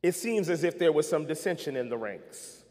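A man preaching a sermon as pastor, calling on the congregation to respond and swinging between soft passages and rising intensity. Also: on the high side, animated, normal speed, long reverb tail. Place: church sanctuary.

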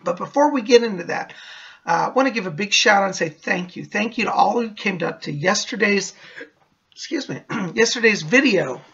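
A man's voice: high voice, expressive, moderate pace, gravelly, fairly bright tone, husky. A man hosting his psychic channel, telling a story in a chatty, theatrical vlog manner, in a dull lo-fi recording.

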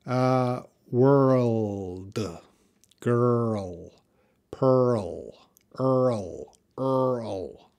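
A man's voice: mid-range voice, a little mellow. A man teaching English in a live question-and-answer stream, reading out viewers' questions and modeling words for them to repeat.

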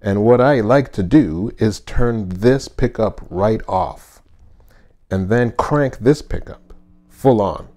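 A man hosting his own channel, giving a casual, friendly bass lesson with fillers and asides from a home studio. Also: lively intonation, slow, warm tone. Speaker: bass teacher and channel host. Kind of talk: casual instructional talk.

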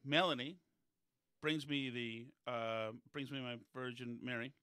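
A man with a bright, forceful voice tells loose, wandering stories in a relaxed podcast chat. He is recorded close and dry, with no room sound. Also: mid-range voice, unhurried, clear, resonant tone, dry recording. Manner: digressive, chatty anecdote-telling.

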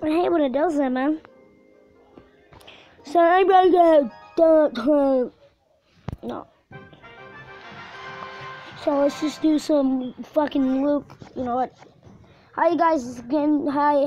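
A woman's voice: sits high, steady tone, measured pace, long pauses, mellow. A woman hosting her own gaming channel, giving rambling, filler-heavy, crude, joking let's-play commentary. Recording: dull lo-fi recording with faint music.

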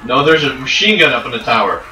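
A young man playing a co-op shooter with friends, excitable and yelping at every threat. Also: fast. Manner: excitable, yelps and jumps in pitch. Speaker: gamer playing co-op. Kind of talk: casual let's-play chat. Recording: roomy, distant mic, game music.

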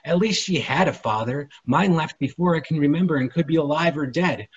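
Author reading fiction, high husky voice, dramatic, muffled lo-fi recording. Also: male voice, a little fast. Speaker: featured author.

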